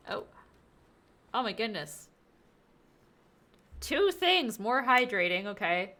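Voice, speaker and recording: A woman's voice: medium pitch, lively intonation, a little slow, pauses often, bright, forceful tone. A woman chatting casually on a live game stream through a wireless headset, bubbly and talkative, cooing now and then at her pet.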